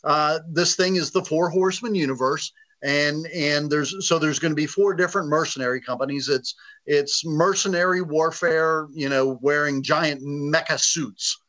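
Man, bit high, bright tone, animated storyteller, lo-fi audio. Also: normal speed. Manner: animated, acts out quoted dialogue. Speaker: author guest. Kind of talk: casual interview storytelling. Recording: lo-fi muffled audio.

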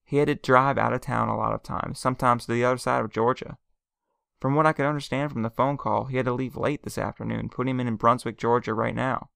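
A man narrating a first-person story in a quiet, plain storytelling manner. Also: mid-range voice, fairly even intonation, fast talker, vocal fry, smooth, dry recording, studio quality.

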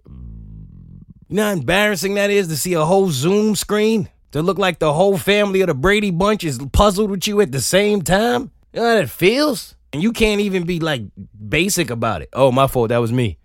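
A man hosting a podcast, telling funny stories in an animated, laughing, profane comic monologue, close on a studio mic. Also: sits high, normal speed, dry recording. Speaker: podcast host. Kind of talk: comedic solo monologue.

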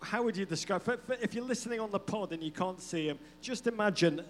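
A man's voice: high voice, fast talker, slight background noise. A man co-hosting a live comedic football podcast, telling stories in a playful, mock-dramatic way and laughing often. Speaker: podcast co-host. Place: live show venue.

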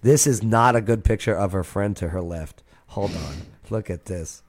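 A man's voice: on the low side, moderate pace. A man hosting a casual reaction chat, joking and rambling with laughs and restarts. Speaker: host.

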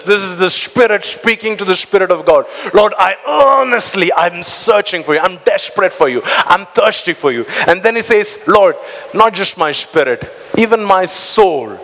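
A man's voice: high-pitched, animated, normal speed, fairly bright tone, big-room sound. A man preaching a sermon to his congregation, fervent, stretching out words and often repeating himself as he calls on people to answer back. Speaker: pastor.

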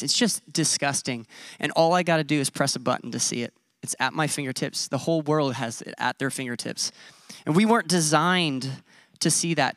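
A man's voice: on the high side, fairly bright tone, dry recording, studio quality. A man in his thirties preaching a sermon as a pastor, conversational and self-deprecating. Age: 30s.

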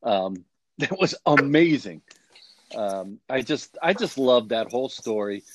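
A man's voice: medium pitch, lively intonation, measured pace, poor audio. A man hosting a casual chat about basketball memories, rambling with many fillers and restarts. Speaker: podcast host.

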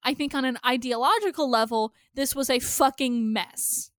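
A woman co-hosting a podcast in casual chat, animated, laughing often and swearing freely. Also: sits high, normal speed, no echo, clean studio sound. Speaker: podcast co-host.

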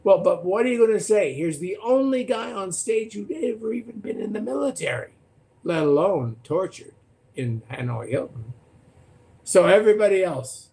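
An older man, a former political candidate, recounting debate stories as a guest in an animated way, often repeating words. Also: sits high, normal speed, creaky. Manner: animated, repeats words and restarts, acts out quotes. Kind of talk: anecdotal storytelling in conversation.

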